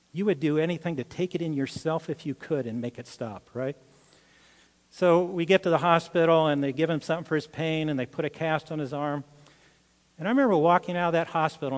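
A man's voice: a little high, big-room sound. An older man, a pastor, preaching an earnest sermon with personal stories and frequent restarts.

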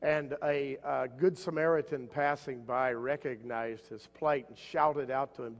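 A man preaching a sermon as pastor, an animated storyteller who jumps up in pitch for the voices in his stories. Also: measured pace. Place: church sanctuary. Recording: long hall reverb.

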